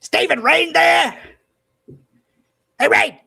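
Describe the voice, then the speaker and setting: A man voicing a small, gleeful villainous captain who booms taunts through a megaphone. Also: animated, unhurried, gravelly, husky, heavily acted. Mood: taunting. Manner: loud taunting booming.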